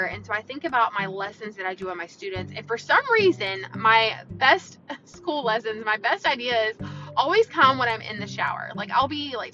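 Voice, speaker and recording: A woman's voice: a little high, bright, forceful tone. A woman hosting a podcast, talking in an earnest, encouraging way and often asking "right?" and "you know". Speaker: podcast host. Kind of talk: motivational podcast monologue. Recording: dull lo-fi sound with music behind.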